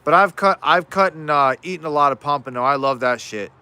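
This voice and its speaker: A man's voice: a little high, fairly quick, bright, forceful tone, clean tone, dry recording. A man hosting a casual fishing livestream from his yard, rambling through viewer questions with frequent restarts. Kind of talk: casual live Q&A chat.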